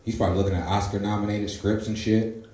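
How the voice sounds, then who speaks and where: A man in his twenties doing a stand-up comedy set, telling stories with loud acted-out quotes. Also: lowish voice, fairly even intonation, fast talker, distant mic, slight background noise. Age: 20s. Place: comedy club stage. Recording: echoey live room, audience laughter. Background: audience laughing.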